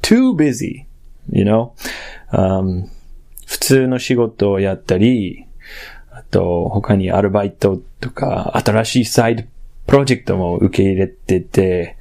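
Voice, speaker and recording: A man with a warm, low voice hosts a bilingual podcast on his own, speaking at normal speed. He keeps it casual and playful, shifting between sulky grumbles and muttered asides.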